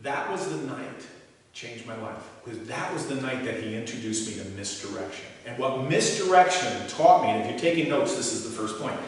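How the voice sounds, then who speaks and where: A man's voice: medium pitch, a little fast. A man in his sixties giving a motivational talk to a live audience, telling stories animatedly and quizzing the crowd. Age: 60s. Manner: animated storyteller, asks audience questions. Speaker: motivational speaker. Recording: echoey hall, voice from far off.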